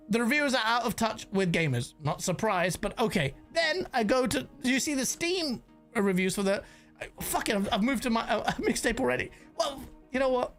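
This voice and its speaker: A woman's voice: fairly high pitch, fairly bright tone. A woman giving casual, rambling livestream commentary on gaming news, swearing freely and reacting to chat messages.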